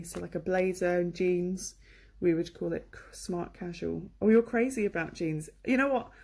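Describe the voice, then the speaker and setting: A woman's voice: on the low side, darkish tone, husky. A woman from England giving a chatty, enthusiastic online English lesson, with many fillers, on a computer microphone. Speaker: English teacher.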